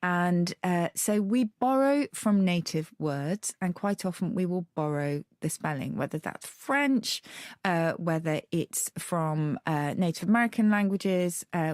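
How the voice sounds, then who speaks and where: Presentadora británica de mediana edad, voz algo grave, explica con entusiasmo, grabación seca de estudio. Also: female voice, lowish voice, darkish tone, dry recording, clean studio sound. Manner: enthusiastic, explanatory, fond of asides. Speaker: podcast co-host, word expert. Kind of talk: conversational explanation.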